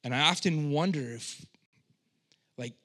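Bright-voiced preacher, hushed to fervent. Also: male voice, measured pace. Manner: swings from hushed, low delivery to loud impassioned cries; conversational, with frequent "like" and restarts. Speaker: pastor. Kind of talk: sermon.

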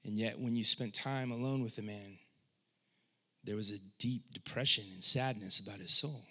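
Bright-voiced preacher, hushed to fervent. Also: male voice, moderate pace. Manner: swings from hushed, low delivery to loud impassioned cries; conversational, with frequent "like" and restarts. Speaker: pastor. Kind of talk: sermon.

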